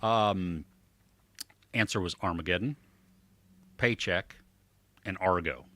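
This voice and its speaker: A man co-hosting a casual chat about movies and shows, lively and jokey, poking fun at himself. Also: low voice, takes it slowly, no echo. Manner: lively, jokey, self-deprecating. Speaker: podcast co-host.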